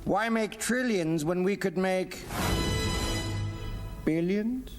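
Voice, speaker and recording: Doctor Evil, a pompous supervillain. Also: male voice, high voice. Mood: smug. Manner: pompous, deadpan, theatrical pauses. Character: pompous bald male supervillain, scheming. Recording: film audio with reverb and music.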